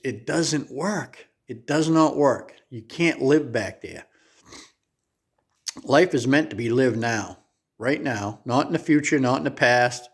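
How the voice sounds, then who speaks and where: A man giving a motivational talk in an earnest, folksy way, repeating his points for emphasis. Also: medium pitch. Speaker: motivational speaker.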